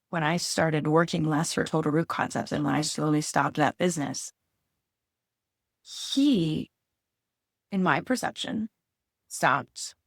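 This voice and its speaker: A woman's voice: lowish voice, vocal fry, no room sound, studio quality. A woman co-hosting a podcast in casual, heartfelt chat, talking candidly and openly emotional, often searching for words. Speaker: podcast co-host.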